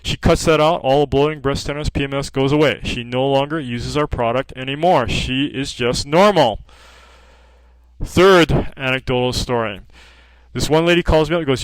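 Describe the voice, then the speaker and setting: A man's voice: medium pitch, moderate pace, no echo, rough recording. A man who sells hormone cream talks informally to customers, telling anecdotes about patients and acting out their calls while often saying "okay". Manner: peppers speech with "okay", acts out callers' lines in dialogue. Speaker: hormone practitioner selling progesterone cream.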